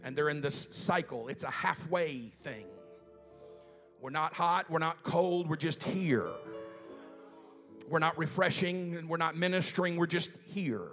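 A man preaching a sermon in church, reading scripture slowly with drawn-out emphasis and building to loud, fervent exhortation. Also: fairly high pitch, faint music behind. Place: church sanctuary.

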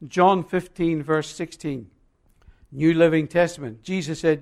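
A male pastor preaching a sermon, emphatic and swinging between loud and quiet, telling stories with long pauses. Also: fairly high pitch, fairly even intonation, gravelly.

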